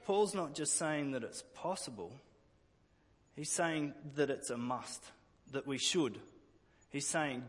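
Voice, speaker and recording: A man's voice: on the high side, slow pace, husky, long reverb tail. A man preaching a sermon earnestly, often repeating words as he restarts a phrase. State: emotional at times.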